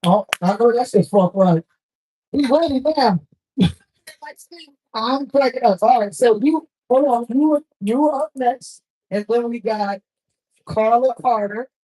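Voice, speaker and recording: A woman's voice: a little high, measured pace, dark tone, husky, low-quality recording. A woman hosting a live poetry show on stage into a handheld mic, with loose, profane banter and frequent laughs. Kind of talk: casual live emcee banter.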